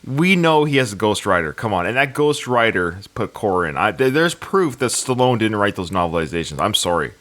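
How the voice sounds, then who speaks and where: A man's voice: fairly low pitch, very animated, brisk, few pauses, fairly bright tone. A man co-hosting a film podcast, chatting casually and joking about trivia. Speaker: podcast co-host.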